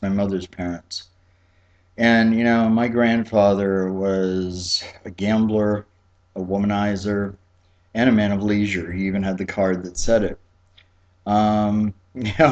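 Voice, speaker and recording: Low-voiced man telling a family story. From Key West, Florida. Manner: relaxed, chatty, laughs often, frequent fillers. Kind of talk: personal storytelling.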